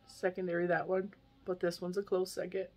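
A woman's voice: lowish voice, level tone, a little fast, dark tone. Chatty American woman unboxing yarn. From United States. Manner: chatty, emotional, laughs often. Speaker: crochet YouTuber. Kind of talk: casual unboxing chat.

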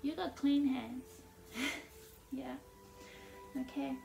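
A woman's voice: high voice, steady tone, drawn-out words, creaky, dull audio, faint music behind. A woman giving a casual intuitive tarot reading, chatty, laughing often and leaning on "like" as she talks. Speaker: tarot reader. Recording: echoey room, mic at a distance.

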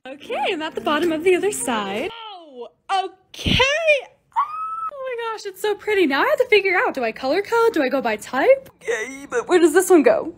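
A woman chatting excitedly as she shows things off in a casual vlog, gushing over each item. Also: very high voice, brisk, faint music behind. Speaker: lifestyle creator.

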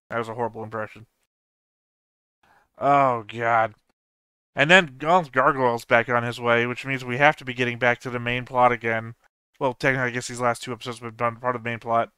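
A man's voice: mid-range voice, pushed and bright, clean tone, dry recording. A man hosting an anime reaction channel, thinking aloud as he puzzles over the plot in casual solo commentary.

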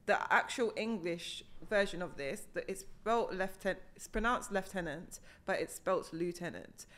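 A woman in a casual chat, calmly explaining in a matter-of-fact way. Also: fairly low pitch, normal speed.

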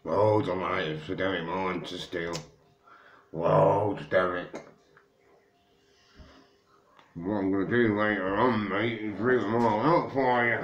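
A man's voice: low voice, fairly even intonation, slow, long pauses, lo-fi sound. A man who has just woken up, rambling casually to viewers and swearing freely. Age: 30s. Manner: loose, swearing, slangy, addresses viewers as guys and mate. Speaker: vlogger. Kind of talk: rambling casual morning chat.

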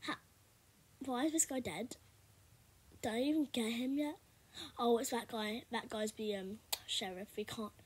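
A young woman chatting casually while she plays a game for her video, rambling and now and then bursting out loudly. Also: on the high side, fairly even intonation, measured pace, pauses often, slightly rough. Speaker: gaming video creator. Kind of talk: casual gameplay commentary.

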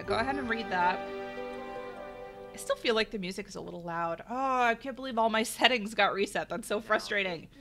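A woman's voice: mid-range voice, sharp tone. A middle-aged woman giving chatty let's play commentary, talking to her viewers and exclaiming at the game. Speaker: gaming channel host. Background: faint game music.

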